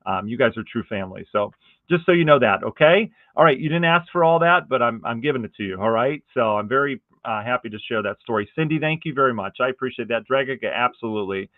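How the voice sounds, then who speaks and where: A man's voice: medium pitch, lively intonation, fast, dry recording. Middle-aged weather guy rambling on a livestream, earnest, lots of ums, dry tinny sound. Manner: rambling and earnest, many fillers and restarts. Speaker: meteorologist hosting a weather livestream. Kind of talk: casual livestream chat with viewers. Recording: tinny phone-like audio.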